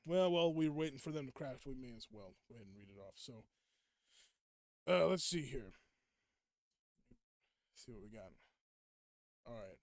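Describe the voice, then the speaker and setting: A man's voice: mid-range voice, expressive, moderate pace, pauses often, dry recording, clean studio sound. A young man streaming a game, chatting casually, laughing often and acting out quotes. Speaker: gaming streamer. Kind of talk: casual gameplay chat.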